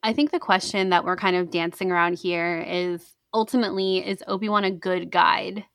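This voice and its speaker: A woman's voice: on the low side, steady tone, normal speed, gravelly, a bit bright, no room sound. A woman co-hosting a casual discussion, rambling with many fillers and correcting herself as she goes.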